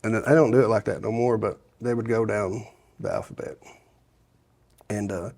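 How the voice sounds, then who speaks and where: A man's voice: lowish voice, normal speed, gravelly, darkish tone. Drawling man telling his story. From Sevier County, Tennessee. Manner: rambling with many restarts and fillers, quoting others. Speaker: guest sharing his testimony. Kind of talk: casual storytelling interview.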